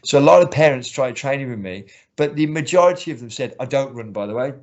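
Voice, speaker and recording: A man's voice: medium pitch, lively intonation, fast talker, a little mellow. Fitness coach guy chatting earnestly, keeps restarting, muffled audio. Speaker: martial arts coach. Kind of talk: casual interview talk. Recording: slightly muffled lo-fi recording.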